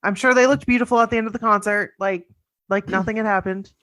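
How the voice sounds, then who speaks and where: Gushy chatty lady podcast cohost, mid pitch, just chatting. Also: steady tone, quick pace, fairly bright tone. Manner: bubbly, gushing, chatty. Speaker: podcast co-host. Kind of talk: casual chat, reading listener stories.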